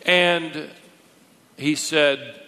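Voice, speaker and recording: A man preaching a verse-by-verse sermon as a pastor, emphatic, pushing his pitch and volume up to stress points. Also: fairly even intonation, extremely slow, bright, forceful tone. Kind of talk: expository sermon. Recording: long reverb of a large hall.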